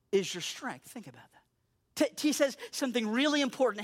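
A male pastor preaching a sermon, animated and emphatic, slowing down to read scripture aloud. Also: very high-pitched.

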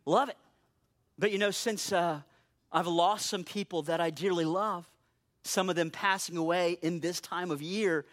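A male pastor preaching a sermon, animated and emphatic, slowing down to read scripture aloud. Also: high-pitched.

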